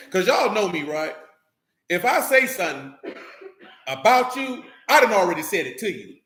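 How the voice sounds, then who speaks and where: A man with a high, bright voice preaches in a loose, conversational way. He mixes scripture reading with slangy asides to the congregation. The sound rings off an echoey room. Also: big pitch swings, normal speed. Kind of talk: informal sermon with Bible reading.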